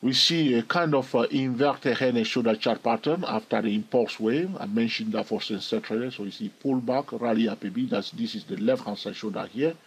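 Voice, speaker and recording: A man hosts a casual chart walkthrough in a husky, slightly breathy voice. He chats loosely and keeps checking in with his viewers through questions and asides. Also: medium pitch, a little fast, hardly any pauses, rough recording. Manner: chatty, asks viewers questions, frequent "all right?". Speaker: trading video host.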